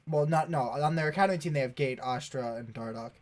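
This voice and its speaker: A man's voice: mid-range voice, fast talker. Offhand man co-hosting a gaming podcast. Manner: offhand, swears casually. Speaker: podcast co-host. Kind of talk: casual chat about esports.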